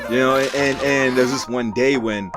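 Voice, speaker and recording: A man telling a personal childhood story in a casual, lively way, acting out voices as he goes. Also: medium pitch, measured pace. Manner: lively, acts out voices in his anecdotes. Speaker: storyteller, animator. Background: background music.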